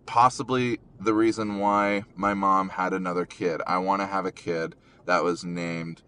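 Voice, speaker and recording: Low, slow-talking young man. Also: level tone, fairly bright tone, slight background noise. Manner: halting, many ums and restarts, emotional. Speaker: podcast host. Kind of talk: casual podcast chat.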